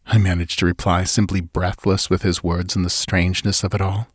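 Husky low-voiced male storyteller. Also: level tone, brisk, few pauses, no room sound, clean studio sound. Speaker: audiobook narrator. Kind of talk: scripted narration of a ghost story.

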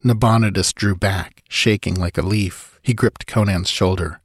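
Man narrating a storybook: low, husky voice, dry close sound. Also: fairly even intonation, unhurried, hardly any pauses, dry recording. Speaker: audiobook narrator. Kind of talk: scripted narration.

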